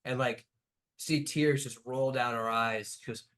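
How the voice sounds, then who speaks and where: A man's voice: medium pitch, fairly even intonation, a little slow, fairly bright tone. A man running a tabletop game as game master, narrating loosely with lots of fillers.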